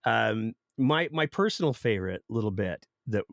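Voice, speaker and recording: A male podcast host delivering political commentary with a sarcastic edge. His pitch swings widely as he reads news passages and then mocks them. The sound is dry and close, with no room around it. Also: animated, moderate pace, creaky, a bit bright, dry recording.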